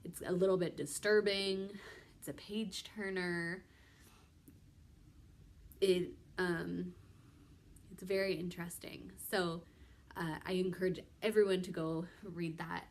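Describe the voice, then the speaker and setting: A woman's voice: fairly low pitch, steady tone, takes it slowly, long pauses. A young woman vlogger chatting casually to camera, rambling with many ums and restarts. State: pregnant.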